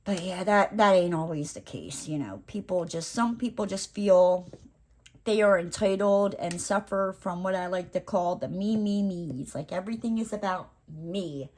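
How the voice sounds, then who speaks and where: A woman's voice: on the low side, lively intonation, normal speed, a little mellow. Rambling, joking woman vlogger. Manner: rambling, full of fillers and playful asides. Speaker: crafting vlogger. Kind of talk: casual chat while crafting.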